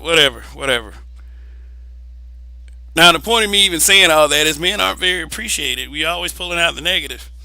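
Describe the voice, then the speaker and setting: Blunt, profane man with a sharp voice. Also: on the high side, creaky, no echo, rough recording. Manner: blunt and profane, repeats words when making a point. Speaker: vlogger giving opinions. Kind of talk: casual opinion monologue.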